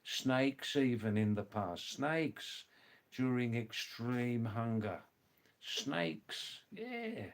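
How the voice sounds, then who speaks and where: A man's voice: mid-range voice, steady tone, slow. A man from Australia with a mild Australian accent, hosting a live stream and explaining words to his viewers, repeating the key words as he goes. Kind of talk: casual live chat explaining language.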